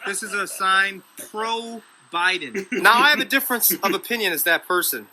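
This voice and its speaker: A man's voice: high-pitched, normal speed, heavy background noise. A man in his forties from the United States telling a combative story in a profane, mocking rant. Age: 40s. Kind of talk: ranting storytelling.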